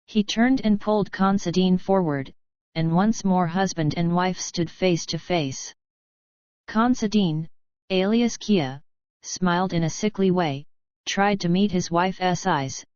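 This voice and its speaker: A woman narrating an audiobook in a measured, even reading. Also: on the low side, clear, resonant tone, no room sound, lo-fi sound.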